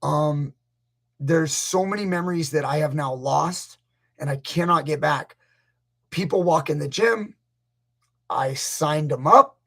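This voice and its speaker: A man's voice: fairly high pitch, a little slow, vocal fry, long pauses, a bit bright. A man, a grappling coach hosting a casual live stream, rambling through stories and acting out what people said. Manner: rambling, storytelling, acts out quotes. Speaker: grappling coach, channel host.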